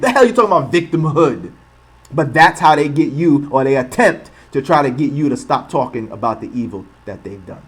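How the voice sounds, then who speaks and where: A man's voice: fairly high pitch, very animated, normal speed, husky. A man hosting an online livestream, talking in an impassioned, rhetorical way and repeating points for emphasis. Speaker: channel host. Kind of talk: livestream commentary.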